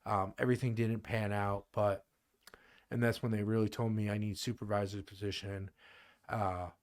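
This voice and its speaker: Thirties male podcast guest, Midwestern accent, fairly low voice, loose and rambling delivery. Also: little pitch movement, normal speed. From American Midwest. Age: 30s. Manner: rambling, many fillers and restarts. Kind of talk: casual conversation.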